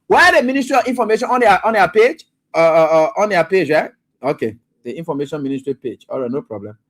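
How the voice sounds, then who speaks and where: Animated Liberian radio host, man. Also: a little high, fast. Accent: Liberian English. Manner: animated, scolding, repeats and stumbles on fillers while reading. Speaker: radio talk show host. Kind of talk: live talk radio commentary.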